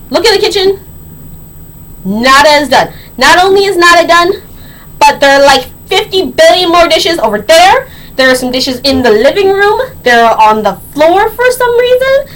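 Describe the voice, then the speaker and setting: Lively, high-pitched young woman vlogger. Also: poor audio. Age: young adult. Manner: animated, sassy, slangy storytelling. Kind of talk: casual storytelling vlog.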